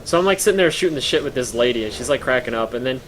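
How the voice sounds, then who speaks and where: A man's voice: medium pitch, expressive, very fast, a bit bright, low-quality recording. A man talks casually to his stream viewers, a little worn out, wandering through his thoughts with plenty of fillers and restarts. He chuckles easily as he tells stories. His voice sits in an ordinary middle register, with a faint background hum. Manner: rambling storyteller with many fillers and restarts; chuckles often while telling stories. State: a little tired. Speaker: live streamer.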